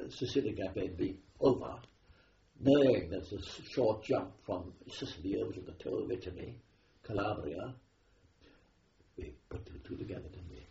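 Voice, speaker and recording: An older Welsh war veteran with a Welsh accent rambles through his memories in an oral history recollection, full of ums and restarts. His voice is lowish, creaky and a little mellow. The tape sounds dull and roomy with a faint hiss.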